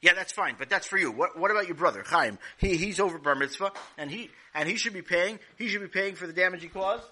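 A man's voice: animated, fast, hardly any pauses, husky, heavily acted. A man doing an upset, pushy grown man. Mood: insistent. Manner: high, loud and insistent. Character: upset adult man demanding payment.

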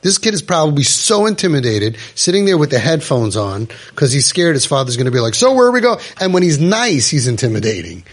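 A man leading a parent support group, speaking to a live audience in a room in a lively way with lots of fillers and acted-out quotes. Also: mid-range voice, fairly quick, few pauses, breathy edge. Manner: animated, acts out quoted voices, many fillers.

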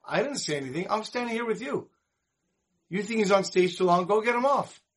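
A man's voice: high voice, animated, fairly quick, slightly rough, pitched above the performer's own voice. A man doing a pleading TV host. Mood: defensive. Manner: coaxing, insistent. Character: pleading male TV host, persistent.

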